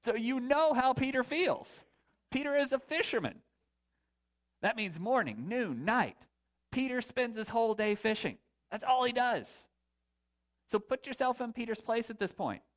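A man's voice: very high-pitched, expressive, measured pace. A man preaching a conversational sermon to a live congregation, retelling a story and asking the audience to raise their hands. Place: church or hall before a live congregation.

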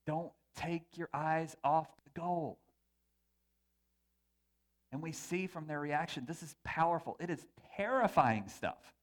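A male pastor delivers a sermon in a church sanctuary, talking to the congregation in a loose, conversational way. His voice sits a little higher than most men's. He moves between earnest points and playful, joking asides.

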